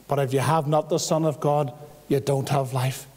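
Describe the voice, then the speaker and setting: A man's voice: on the high side, normal speed, darkish tone. A man with a Northern Irish accent preaching an evangelistic testimony in church, earnest and pleading, with homely everyday examples. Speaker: visiting preacher. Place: church hall. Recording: long church reverb.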